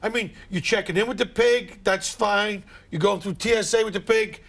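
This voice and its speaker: Wisecracking middle-aged man, gravelly and high. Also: moderate pace, fairly bright tone. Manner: wisecracking, exasperated comic rants. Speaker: comedian guest. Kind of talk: stand-up style routine on a morning show.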